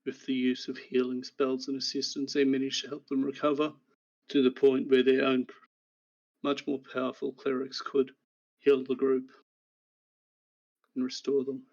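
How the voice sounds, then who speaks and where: A man narrating a recap of the last tabletop game session as game master, in a measured storytelling way. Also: medium pitch, monotone, a little mellow, highs cut off.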